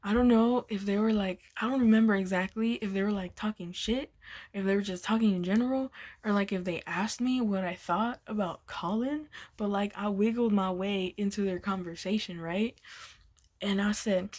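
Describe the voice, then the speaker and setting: A woman's voice: mid-range voice, steady tone, measured pace, darkish tone. A young woman vlogger telling a casual storytime, laughing often and swearing as she rambles. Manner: giggly, swears a lot, loose and rambling.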